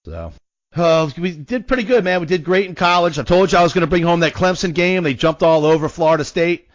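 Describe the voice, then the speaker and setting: A man's voice: fairly high pitch, fairly quick, no echo, muffled recording. A man co-hosting a sports betting podcast, bragging jokingly in casual chat. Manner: boastful, joking. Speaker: podcast co-host.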